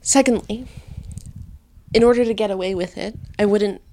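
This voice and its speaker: A woman playing a patient, exasperated defense lawyer in an improvised comedy podcast, speaking calmly and correcting her clients. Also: mid-range voice, lightly acted. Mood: dry. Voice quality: calm, measured, correcting.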